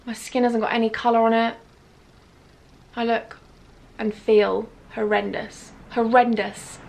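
A woman's voice: a little high, little pitch movement, measured pace, gravelly. A young woman from the UK talking anxiously and self-critically in a confessional vlog. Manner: anxious, self-critical, often quiet and whispery. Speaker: vlogger.

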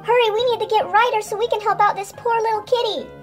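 A woman voicing Rubble, an eager little male bulldog pup, with a cooing, excited manner over soft music. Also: extremely high pitch, quick pace, voice pushed up. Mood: urgent.

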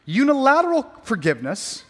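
High-voiced male pastor preaching. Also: wildly swooping pitch, brisk, fairly bright tone, long reverb tail. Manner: emphatic, repetitive preaching with jokey asides. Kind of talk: sermon.

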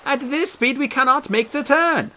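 A man voicing a calm female artificial intelligence with a cool, matter-of-fact delivery. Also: very high-pitched, normal speed, pitched above the performer's own voice.

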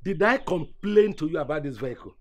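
Casting: Nigerian man as a tight-fisted, distrustful dad, high lively voice, scolding. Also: brisk, close to an everyday voice. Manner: scolding, suspicious. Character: stingy suspicious middle-aged father, government contractor. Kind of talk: film acting.

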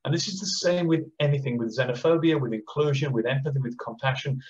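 Through lo-fi sound comes a medium-pitched, slightly mellow male voice with an Australian accent. He's an impassioned education speaker at an online conference who keeps acting out teachers and kids in rapid impressions.

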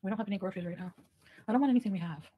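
Husky, fast-talking woman streamer. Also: mid-range voice, phone-quality sound. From Ottawa, Canada. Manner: chatty, giggly, reads viewer comments aloud. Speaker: livestreamer. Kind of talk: casual livestream chat with viewers.

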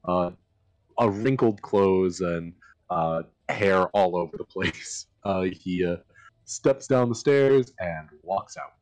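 A man running a tabletop game as game master, narrating slowly with many pauses and fillers. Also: low voice, a little mellow, no room sound.

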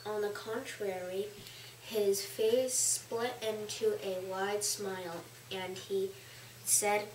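A woman reading aloud in halting practice, stumbling and repeating words as she is corrected. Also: mid-range voice, fairly even intonation, a little mellow. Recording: echoey room, far from mic, faint noise.

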